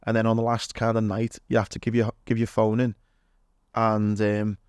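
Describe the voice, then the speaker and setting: A man with a Scouse (Liverpool) accent speaks in a fairly low, monotone voice at a moderate pace, slightly mellow and smooth. The studio-quality recording has no room sound. As a podcast guest, he rambles through an anecdote in casual storytelling chat, full of fillers and acted-out quotes.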